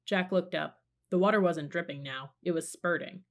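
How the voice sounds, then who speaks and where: A woman reading a children's storybook aloud in a calm, measured narration. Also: fairly low pitch. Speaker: audiobook reader.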